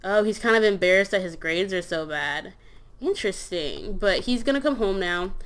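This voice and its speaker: A woman's voice: medium pitch, lively intonation, moderate pace. A young woman narrating a life-sim let's play in a chatty, storytelling way with casual fillers. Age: young adult. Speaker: gameplay narrator.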